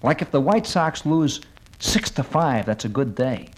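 A man's voice: mid-range voice, very animated, measured pace, husky, rough recording. A man delivering a wry comic monologue on the radio, building sardonic lists toward a punchline.

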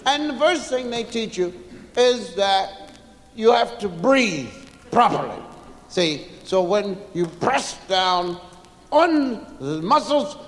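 A man doing stand-up storytelling on stage, drawing out his timing and breaking into loud chants and shouts. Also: high voice, very animated, slow. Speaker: stand-up comedian. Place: large hall with a live audience. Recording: echoey hall, live stage recording.

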